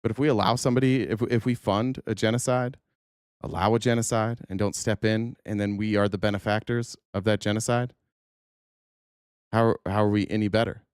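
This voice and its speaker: A man's voice: lowish voice, fairly even intonation, a little fast, clean tone, dry recording, studio quality. Angry, profane male political commentator. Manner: choked up at times. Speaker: podcast host.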